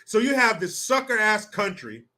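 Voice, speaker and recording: A man from the United States rants through political commentary in a high, bright, forceful voice. He is combative and sarcastic, swears freely, and fires off questions to his viewers. He reads their comments aloud between outbursts. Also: big pitch swings, normal speed.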